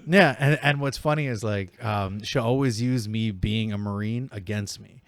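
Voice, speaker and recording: A middle-aged man, a podcast guest, telling lively family stories in casual talk, laughing often and acting out the people he quotes. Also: fairly low pitch, normal speed, no echo. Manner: animated, laughing often, quoting people in character. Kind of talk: casual storytelling. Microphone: studio podcast mic.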